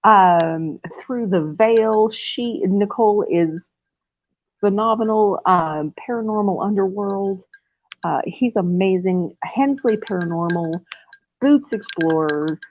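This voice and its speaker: A woman's voice: mid-range voice, takes it slowly, no echo. A woman hosting a casual livestream from home, rambling and effusive, often breaking into laughter. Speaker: livestream host. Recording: tinny phone-like sound.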